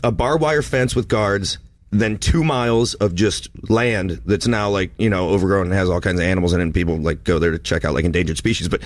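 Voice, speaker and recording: A man in casual chat, telling an emphatic, animated story about a trip. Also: sits low, no room sound. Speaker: traveler recounting a trip.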